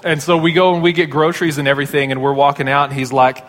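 A pastor preaching a sermon, telling stories in a conversational way. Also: male voice, a little high, flat delivery, fast. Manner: conversational storytelling. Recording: long hall reverb.

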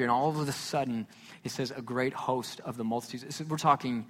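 Pastor preaching in a reverberant hall. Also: male voice, medium pitch, steady tone, brisk. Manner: emphatic and repetitive, swinging from loud declarations to hushed tones. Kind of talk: sermon.

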